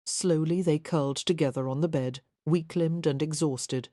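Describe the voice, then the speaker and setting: Reading from a script, a female audiobook narrator tells a historical romance softly and deliberately in a low, mellow voice with fairly even intonation. The sound is close and dry, with no room tone.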